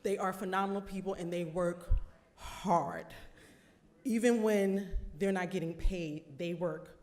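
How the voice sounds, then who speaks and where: A woman in her forties from New Jersey, on the verge of tears, giving a heartfelt and halting acceptance speech as an award honoree. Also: fairly low pitch, fairly even intonation, a little mellow. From New Jersey, USA. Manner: heartfelt, grateful, halting with fillers. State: tearful, close to crying.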